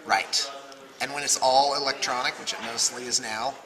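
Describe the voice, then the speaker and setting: A man's voice: mid-range voice, steady tone, moderate pace, crowd noise. Chatty man in an echoey room. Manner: chatty, rambling, with playful asides. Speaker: video host unboxing miniatures. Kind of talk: casual chat. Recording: echoey room with heavy noise.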